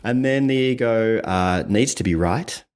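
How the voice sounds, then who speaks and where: Low-voiced man coaching, animated. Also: a little slow, smooth. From Australia. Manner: explains in steps, acts out quoted voices, laughs often. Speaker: communication coach guest. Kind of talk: conversational interview.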